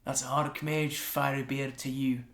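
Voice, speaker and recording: A man voicing a gruff, impatient male dwarf archmage who speaks bluntly and rudely. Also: mid-range voice, level tone, unhurried. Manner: blunt, rude, loud. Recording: echoey room.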